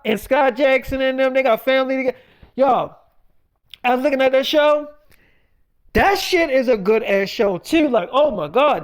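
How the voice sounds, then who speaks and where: A man telling a long made-up story in a casual, rambling way. He swears a lot and keeps saying "I'm like". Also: very high voice.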